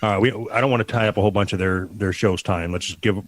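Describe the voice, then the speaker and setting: Lowish guy reading a listener letter then being crude and blunt about it. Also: fairly even intonation, fast talker. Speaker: podcast co-host. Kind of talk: casual podcast chat.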